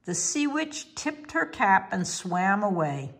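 A woman narrating a children's storybook with a clear, expressive delivery. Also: mid-range voice, slow.

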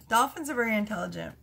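A woman's voice: medium pitch, gravelly, a bit bright. A woman doing a casual tarot reading, chatty and prone to fits of laughter. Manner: giggly, chatty, laughs through her words. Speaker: tarot reader.

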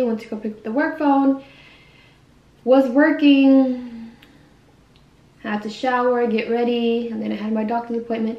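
With a fairly high voice in an echoey room and dull audio, a young woman hosts a casual mukbang chat from a quiet room at home. She rambles while eating, keeps correcting herself, and says she's a fast talker.

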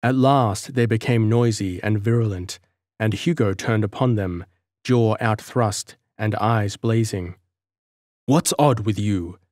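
Measured male audiobook narrator, dry sound. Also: fairly low pitch, a little mellow, no echo. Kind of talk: scripted narration.

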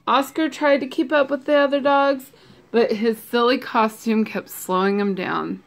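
A woman reading a children's picture book aloud, gentle and expressive with playful asides to young listeners. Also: a little high, moderate pace. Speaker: storybook reader.

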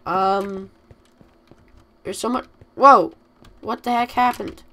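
Slow-talking woman chatting over a game. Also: mid-range voice. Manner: chatty, scolds the game and mobs, excitable outbursts. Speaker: gamer. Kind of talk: let's play commentary.

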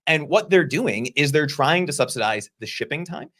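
A man co-hosting a casual discussion show, explaining points in a conversational way with quick asides. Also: fairly high pitch, animated, sharp tone. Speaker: podcast co-host.

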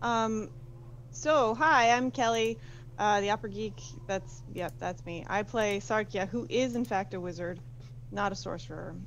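A woman's voice: mid-range voice, a little slow, lo-fi sound, a little hiss or hum. A woman playing in an online tabletop game, chatting in a casual, upbeat way over a video call. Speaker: player. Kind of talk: casual chat.

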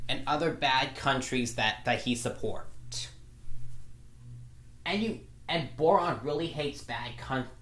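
A woman's voice: extremely low pitch, a bit bright. A woman ranting in a frustrated, repetitive way, stumbling and restarting her sentences. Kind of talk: angry vlog rant. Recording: echoey room.

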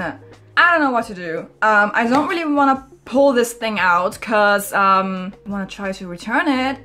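A young woman vlogging a casual unboxing at home, excitable and chatty, quick to laugh and to squeal in frustration. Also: on the high side, faint music behind. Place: at home, washing machine running.

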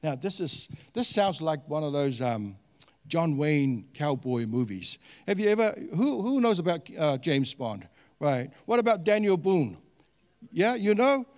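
A man preaching a sermon as a pastor, animated and questioning his congregation, with many fillers and restarts. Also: fairly high pitch, a little slow, in a large hall.

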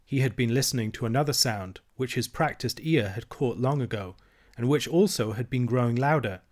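A man reading a children's novel aloud in a steady, measured storytelling voice. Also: mid-range voice. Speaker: reader.

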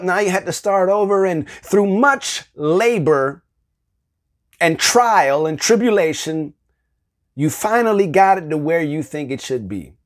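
Man teaching a lively devotional. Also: on the high side. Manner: animated, acts out everyday dialogue with light laughter. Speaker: Bible teacher.

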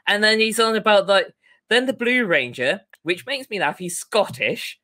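Man, casual podcast co-host, animated storyteller, bright tense voice. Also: sits high, moderate pace. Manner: animated, retells scenes with put-on quotes. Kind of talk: casual chat.

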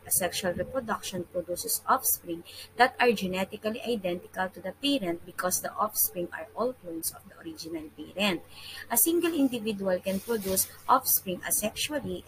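Woman, Filipino accent, teacher, reading lesson aloud, measured, mid pitch, faint background noise. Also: animated, a bit bright, low-quality recording. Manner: careful, measured reading with slips and restarts.

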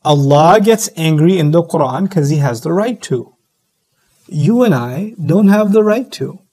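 A middle-aged man giving a sermon-style lecture, animated, acting out quoted voices as he teaches. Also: on the high side, unhurried, rough recording. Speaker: Islamic speaker.

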